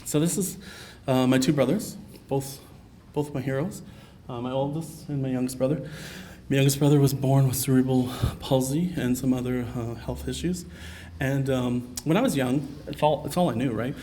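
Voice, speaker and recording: Male keynote speaker, mid-pitched, earnest storyteller, light room noise under the mic. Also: moderate pace, dark tone. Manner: earnest, personal storytelling with frequent fillers. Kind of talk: conference keynote talk. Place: conference hall.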